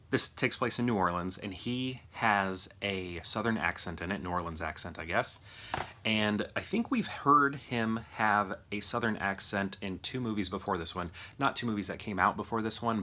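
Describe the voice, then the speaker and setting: A man's voice: low-pitched, pushed and bright. A man giving a casual, rambling movie review with lots of fillers and restarts.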